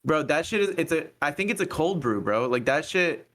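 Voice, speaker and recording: A young man co-hosting a podcast in casual chat, excitable and full of restarts. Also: on the high side, fairly quick. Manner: excitable, restarts, many fillers. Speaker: podcast co-host.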